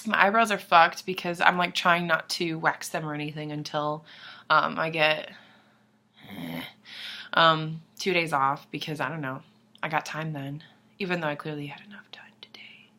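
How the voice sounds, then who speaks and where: A young woman talks straight to camera in a loose, rambling vlog, swearing freely and apologizing in the next breath. Her voice is bright and fairly low for a woman, and she slips into quiet whispered asides. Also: little pitch movement, normal speed. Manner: rambling, profane, self-deprecating, drops into whispers. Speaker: vlogger. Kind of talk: casual chat to camera.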